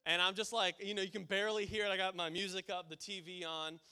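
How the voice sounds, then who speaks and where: High bright-voiced male preacher. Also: flat delivery, quick pace, slight background noise. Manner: conversational storytelling that builds to emphatic preaching. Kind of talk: sermon.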